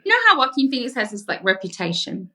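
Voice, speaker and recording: A middle-aged woman from Arkansas with a Southern accent, a podcast guest telling stories in emphatic, animated casual chat with plenty of swearing. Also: on the high side, fast talker.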